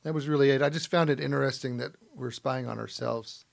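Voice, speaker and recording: A man's voice: medium pitch, fairly even intonation, a little fast, vocal fry. A man on a podcast panel in casual chat, matter-of-fact and blunt in his asides.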